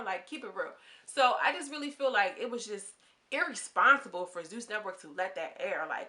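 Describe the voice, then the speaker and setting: A woman's voice: medium pitch, sharp tone. A young woman giving a candid, slangy, opinionated review of a reality show in a casual vlog.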